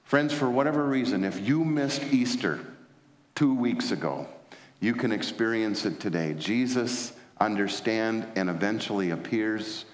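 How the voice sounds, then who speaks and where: A man's voice: on the low side, measured pace. A man preaching a sermon as pastor, telling stories with frequent fillers and restarts. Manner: storytelling, many fillers and restarts. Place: large church sanctuary. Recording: echoey church hall.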